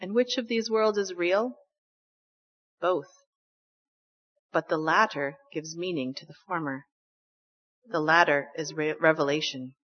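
Low-voiced woman minister. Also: measured pace, pauses often. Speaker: minister leading the service. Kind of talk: sermon and service announcements. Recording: slightly dull recording.

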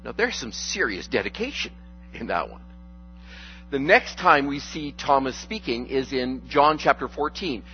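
A man's voice: medium pitch, very animated, measured pace. A male pastor gives a loose, conversational sermon, quipping as he goes and stumbling through frequent restarts and fillers. The sound is dull and lo-fi, with faint music in the background.

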